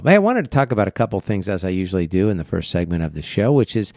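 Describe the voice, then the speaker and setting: Man, radio host, stuffed-up head cold, flat monotone, rambling with fillers, dry close studio mic. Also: low-pitched, racing, few pauses, no echo. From eastern United States. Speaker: radio show host, financial planner. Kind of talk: casual radio talk show.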